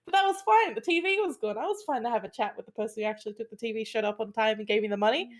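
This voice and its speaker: A woman's voice: a little high, very fast. A woman guesting on a casual podcast, telling blunt, wry stories with frequent laughs. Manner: blunt, wry storyteller who laughs often.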